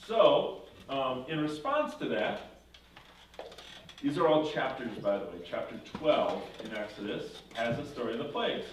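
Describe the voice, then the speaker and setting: A man's voice: mid-range voice, very animated, measured pace, distant mic, a little hiss or hum. Man teaching in an echoey room. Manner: conversational, checking in with 'right?'. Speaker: confirmation teacher. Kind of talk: casual classroom lesson.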